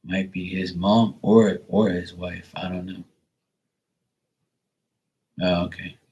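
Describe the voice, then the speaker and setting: A man's voice: low voice, flat delivery, slow, darkish tone, breathy edge, highs cut off. A man giving a live psychic reading in a casual, rambling way, full of fillers and the odd swear word. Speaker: psychic reader.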